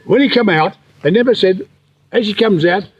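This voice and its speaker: This older Australian man has a husky, slightly raised voice as he rambles through his yarns. He acts out the people he quotes along the way. The recording is dull and lo-fi. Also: high voice, expressive, normal speed. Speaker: interview guest. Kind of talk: casual anecdotal storytelling.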